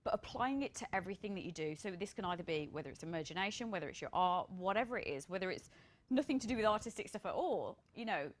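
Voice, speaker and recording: A woman's voice: medium pitch, lively intonation, quick pace. Enthusiastic woman, rambling casual chat.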